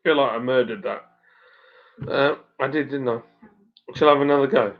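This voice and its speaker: A man's voice: mid-range voice, moderate pace, pauses often, narrow, tinny audio. A man hosting a casual live stream, chatting and reading out viewers' messages, sometimes tripping over names.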